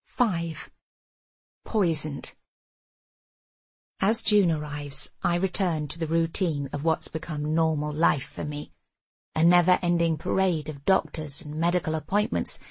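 Low gravelly older woman narrating. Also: steady tone, unhurried, dry recording. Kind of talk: audiobook memoir narration.

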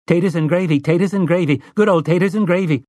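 A woman's voice: on the low side, quick pace, a little mellow, no echo, studio quality, voice pushed up, natural voice. A man voicing a simple-minded, cheerful giant farm woman who repeats herself in a childlike sing-song. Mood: gleeful.

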